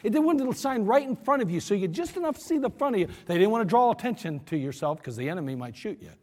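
A man delivers a sermon in an animated storytelling manner and acts out the voices of the people in it. His voice sits high and swings widely in pitch. A long reverb from a large hall trails behind every phrase. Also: fast. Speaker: preacher.

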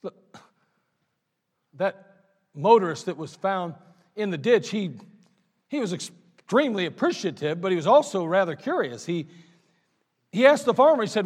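A man's voice: high-pitched, sing-song, moderate pace, long pauses. A male pastor preaching a sermon, emphatic, with repeated phrases and a folksy storytelling manner. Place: church sanctuary. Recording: reverberant church hall.

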